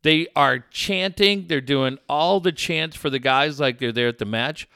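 A middle-aged man hosting a sports talk radio show, telling a rambling, animated story with many restarts. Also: on the high side, a little slow, smooth, no echo, clean studio sound. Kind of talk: casual talk radio chat.

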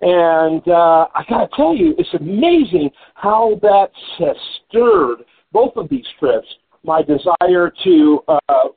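A man hosts a casual business interview with a somewhat high, husky voice. He talks loosely, thinking aloud with fillers and repeats. The audio is thin and narrow, like a phone line. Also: sing-song, takes it slowly. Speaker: podcast host.

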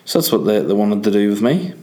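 A Northern Irish comedian hosts his podcast in a sleepy late-night monologue, rambling, joking and swearing freely. His voice is lowish and warm, animated, and he talks fast.

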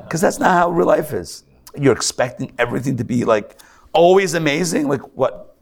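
A man who is a rabbi, giving a lively live sermon to a congregation, joking and acting out mock quotes in between his points. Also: medium pitch, creaky. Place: synagogue hall.

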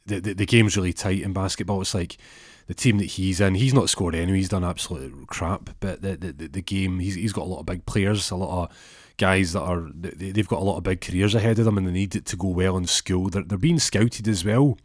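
A man's voice: low-pitched, brisk, dry recording, studio quality. A man telling a comic story in a casual, rambling way with lots of restarts.

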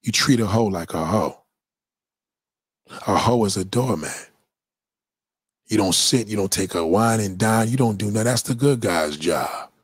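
A man's voice: on the low side, measured pace, pauses often, slightly rough, no room sound. A man in a blunt, crude rant full of swearing, speaking in a preachy tone. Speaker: commentator. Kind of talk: profane rant.

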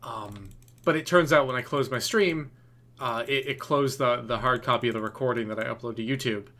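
Podcast co-host, male, bright and punchy tone, loose rambling storyteller. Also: medium pitch, brisk. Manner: rambling, animated storytelling with many fillers. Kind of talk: casual storytelling chat.

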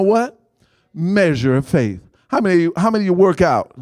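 A man preaching a sermon in call-and-response style, prompting the congregation to finish his lines and rising to shouts. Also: high voice, sing-song, moderate pace, dry recording.

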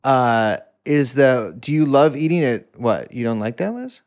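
A man's voice: mid-range voice, lively intonation, unhurried, darkish tone. A man co-hosting a podcast, goofy and playful, joking and swearing in loose banter. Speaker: podcast co-host.

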